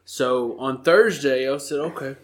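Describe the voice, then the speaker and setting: A man, co-hosting a podcast and telling a story in an animated, laughing way. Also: mid-range voice, a little slow. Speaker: podcast co-host. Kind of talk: casual storytelling chat.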